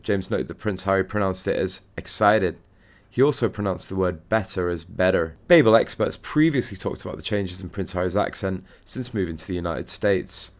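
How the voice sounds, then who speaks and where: A man reading a scripted news story aloud in a steady, formal manner. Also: sits low. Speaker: news narrator.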